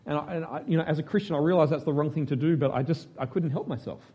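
A man's voice: fairly high pitch, very fast, warm tone, husky, highs cut off, voice pushed down. A man voicing a hesitant, ashamed confessor.

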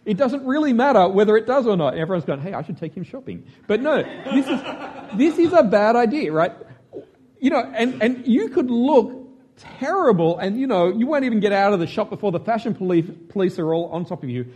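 A man's voice: high-pitched, expressive, a little fast, darkish tone, husky. A man preaching a conversational sermon, self-mocking and chatty, often asking his listeners questions.

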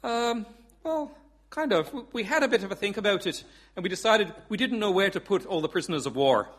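Man putting on a breezy Irish pub bloke, higher voice, chatty and halting. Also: lively intonation, fairly bright tone. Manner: chatty, breezy, with hesitant fillers.

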